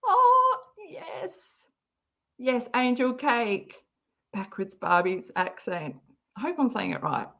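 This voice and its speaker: Brief: Australian female streamer, giggly casual chat, unhurried delivery, slightly high-pitched. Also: very animated, creaky, sharp tone. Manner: chatty, giggly, reads out chat messages. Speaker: livestream host. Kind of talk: casual chat reacting to a clip.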